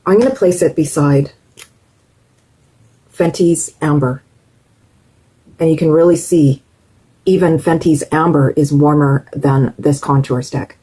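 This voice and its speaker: A middle-aged beauty vlogger chats casually through a makeup tutorial, enthusiastic and speaking straight to her viewers. Her voice is husky, slightly low and mellow in tone, and the recording is low quality.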